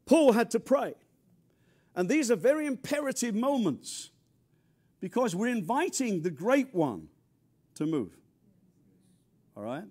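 An older man with an English accent, from near London, delivers a sermon in a high, lively voice. He preaches with humor and bursts of loud emphasis, then drops into low, quiet asides. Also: unhurried, pauses often, breathy edge. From England. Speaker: pastor.

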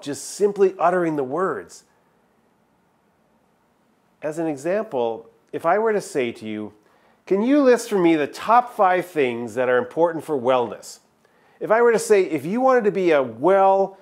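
A male pastor preaching a sermon, his voice sitting a little high for a man and swinging widely in pitch. He talks in a conversational way and drives his points home by repeating words with emphasis. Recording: filmed sermon video.

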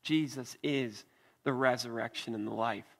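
A man preaching a sermon as pastor, earnest and deliberate, with soft emphatic pauses. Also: medium pitch, long reverb tail. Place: church.

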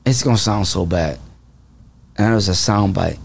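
A man's voice: low-pitched, moderate pace, gravelly, slight background noise. A man who is an actor and comedian, telling stories as a guest in a casual interview with a dramatic, self-aware manner.

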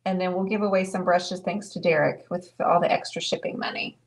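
Painting on a livestream, a woman in her forties keeps up casual, chatty talk, weaving in stories and frequent laughs. She speaks fairly quickly in a steady, lowish voice.

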